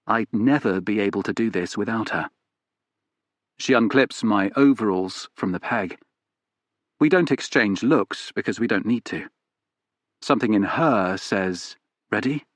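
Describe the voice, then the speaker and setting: A man reading a novel aloud in first person, in a measured, even storytelling manner. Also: on the low side, no echo. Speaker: audiobook narrator. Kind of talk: first-person scripted narration.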